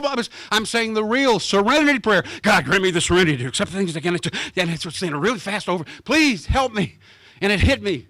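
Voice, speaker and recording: A man from Iowa giving a lively guest speech at a club meeting, acting out the people he quotes. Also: sits high, brisk, dry recording, studio quality. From Iowa, USA. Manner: animated, acts out the people he quotes. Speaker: guest speaker. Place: country club meeting room.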